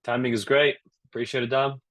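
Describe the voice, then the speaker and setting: A man with a Canadian accent giving a live online career talk, energetic and peppering his points with "right?". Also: medium pitch, brisk, no echo. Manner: energetic, frequent "right?" tag questions. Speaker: career speaker at a virtual session.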